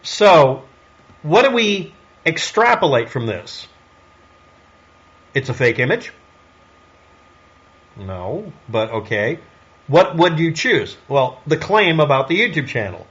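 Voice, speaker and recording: A man's voice: fairly high pitch, big pitch swings, slow pace, long pauses, fairly bright tone, highs cut off. A man delivering a solo commentary monologue in a snarky, sarcastic way, firing off rhetorical questions. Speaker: online commentator.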